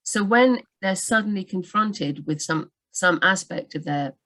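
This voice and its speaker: A woman working as a book doctor, giving writing advice in a live Q&A over a video call, animated and full of quick asides and restarts. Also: on the low side.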